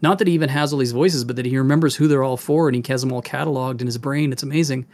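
A man's voice: medium pitch, racing. A man hosting a casual podcast about running tabletop games, talking with animation and dropping into voices. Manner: animated, demonstrative, jumps into voices. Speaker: game master and podcast host.

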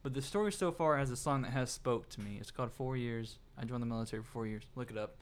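A man's voice: mid-range voice, quick pace. A man in casual podcast chat who tells rambling stories full of restarts and fillers and pokes fun at himself. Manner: self-aware and self-mocking. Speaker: podcast co-host.

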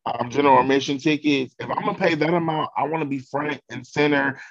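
A man's voice: mid-range voice, no echo, muffled recording. A man from Ohio, talking in an emotional, effusive way with casual swearing during a chat.

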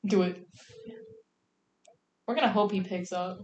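A woman's voice: medium pitch, steady tone, unhurried, darkish tone, muffled recording, a little hiss or hum. A young woman co-hosting a podcast in casual chat, playful and teasing, laughing often. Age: young adult. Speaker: podcast co-host. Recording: echoey room.

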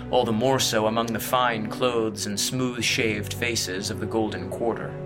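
A man reading fantasy fiction aloud as a narrator in a steady, descriptive way. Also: lowish voice. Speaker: audiobook narrator. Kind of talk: scripted narration.

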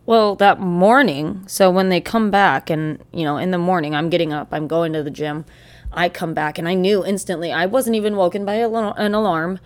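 A young woman telling a personal story in a halting, emotional way, close to tears at times. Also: fairly low pitch. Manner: halting, emotional, with many restarts.

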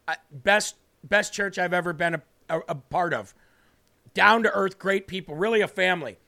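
A man hosting a livestream Bible teaching, reading scripture slowly and speaking earnestly with emphasis. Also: sits high, creaky, sharp tone. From northern United States. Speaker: host and preacher.

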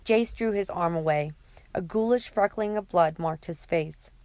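A woman narrating an audiobook chapter in a steady, even reading. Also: fairly low pitch, normal speed, dry recording.

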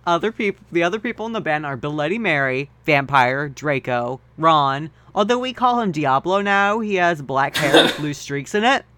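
Bright, playful male podcast reader. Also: fairly high pitch, normal speed, few pauses, slight background noise. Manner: deadpan reading broken by joking asides. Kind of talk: comedic dramatic reading.

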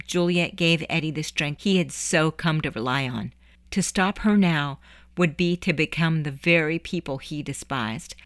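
A woman host reading a scripted story narration in a measured storytelling manner. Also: low voice, no room sound, clean studio sound.

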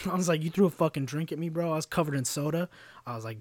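A man's voice: fairly high pitch, racing, dry recording. A man in his twenties hosting a solo podcast, telling heated, profane stories full of slang. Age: 20s. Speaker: podcast host.

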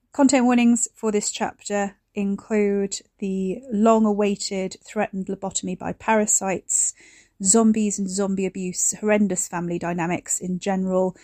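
A woman who hosts and narrates a serialized story podcast, chatty and apologetic in her asides and steady when reading. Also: mid-range voice, measured pace. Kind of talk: reading fiction aloud, with casual intro chat.

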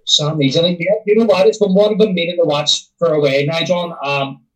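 A man co-hosting a casual movie podcast, talking in a halting way with many fillers. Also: on the high side, steady tone, distant mic, low-quality recording. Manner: hesitant, lots of ums and restarts. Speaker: podcast co-host. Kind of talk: casual film review chat.

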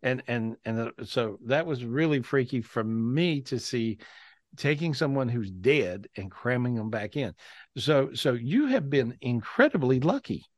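Man, podcast host, video call, animated storytelling, frequent restarts, mid-pitched voice, dry close sound. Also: a little slow, dry recording.

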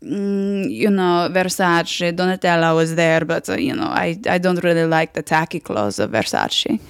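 A woman doing a disdainful Italian fashion insider, a man who drawls every word slowly and dismisses anyone's taste. His put-on Italian accent comes in a slightly low, dry voice with no room around it. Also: clean tone, no echo, close to an everyday voice. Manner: slow, drawling, name-dropping, pretends to hold a cigarette.

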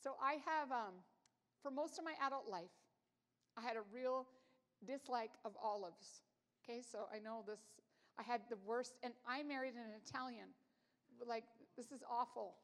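At a moderate pace, a Bible teacher in her forties shares stories during a conversational sermon, her voice on the high side and a bit bright. Her manner is chatty and self-deprecating, with long hall reverb around her.

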